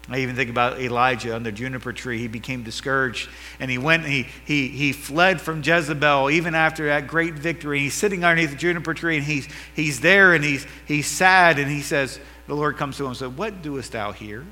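A man preaching a sermon, swinging between loud, emphatic passages and quiet, low asides, and quoting old-fashioned scripture. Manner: quotes King James scripture. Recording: long reverb with mains hum.

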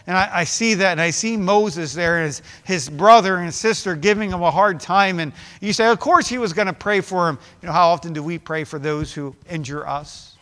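A man with a high voice preaches earnestly, quoting scripture and stumbling into repeated words as he goes. His voice rings out with a long reverb around a church hall. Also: fairly quick, few pauses, sharp tone. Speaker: pastor. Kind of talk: sermon.

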